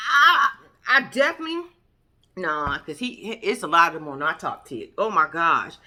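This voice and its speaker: A woman's voice: sits high, pushed and bright. A woman giving casual reaction commentary as a vlogger, blunt and profane, ranting in exasperation.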